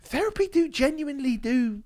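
A man hosting a podcast, talking in a lively, emphatic, sweary way. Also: very high-pitched, moderate pace. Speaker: podcast host. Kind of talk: casual chat.

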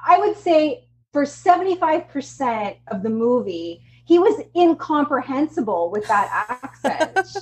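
A woman's voice: sits high, sing-song, measured pace, few pauses, low-quality recording. A woman co-hosting a casual podcast, talking emphatically and laughing often. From Canada. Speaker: podcast co-host. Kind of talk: casual chat.

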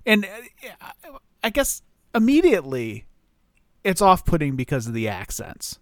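A man's voice: a little high, huge pitch swings, moderate pace, no echo, studio quality. A middle-aged man co-hosting a podcast, chatting casually with lots of fillers and laughs. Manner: rambling, laughing, filler-heavy. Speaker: podcast co-host. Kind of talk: casual chat.

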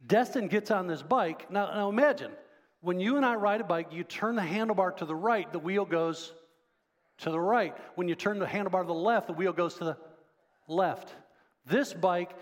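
A man's voice: high-pitched, big-room sound. A man preaching a sermon as pastor, talking conversationally and quizzing the congregation. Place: church sanctuary.

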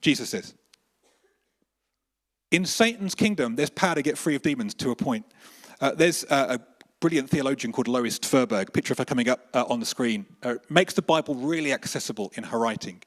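A man preaching a sermon with animated storytelling, moving between emphatic declarations and hushed, slower moments. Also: medium pitch.

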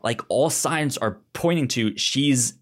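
A man co-hosting a casual podcast, talking through a TV drama. His voice is mid-pitched, and he often stammers over the first sounds of words as he builds up to a point. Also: slow. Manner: stammers on word starts when excited. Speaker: podcast co-host. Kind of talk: casual chat recapping a TV show.

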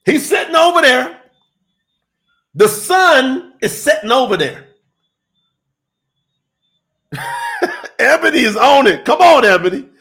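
A man delivering an emphatic sermon, his voice riding high and swinging widely in pitch. He takes his time, drawing out phrases and addressing listeners directly as he builds his case. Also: lively intonation, slow pace, vocal fry, long pauses, fairly bright tone. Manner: emphatic, call-and-response preaching to online listeners. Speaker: preacher. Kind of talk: live-streamed sermon.

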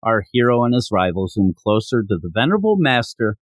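A man's voice: fairly low pitch, fairly quick, dry recording. A male podcast host giving a casual, giggly recap of a comic chapter and acting out its dialogue. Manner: animated, giggly, acts out dialogue. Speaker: podcast host reviewing manga.

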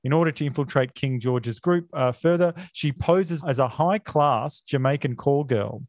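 A man's voice: medium pitch, moderate pace, a little mellow, no room sound, studio quality. A man, a podcast co-host, casually recapping a film plot, full of filler uhs and offhand swearing.

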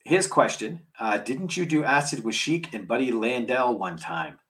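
A man co-hosting a podcast, quietly reading out listener questions and messages. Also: medium pitch, expressive, moderate pace. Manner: quiet, reads questions aloud. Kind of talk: casual chat.

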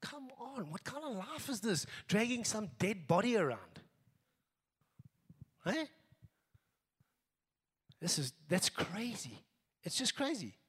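A middle-aged South African man preaching a sermon as pastor, emphatic, moving between raised exhortation and quiet asides. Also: sits high, sing-song, slow, long pauses, husky, long reverb tail. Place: church.

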